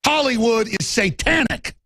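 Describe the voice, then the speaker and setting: A man hosting a talk show, delivering a heated, emphatic political monologue and shouting at times. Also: extremely high pitch, expressive, unhurried, husky, no room sound.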